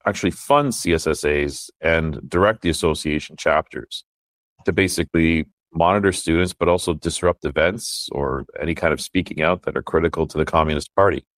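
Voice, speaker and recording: A man's voice: low-pitched, no room sound. A man interviewed as a security expert, explaining things thoughtfully.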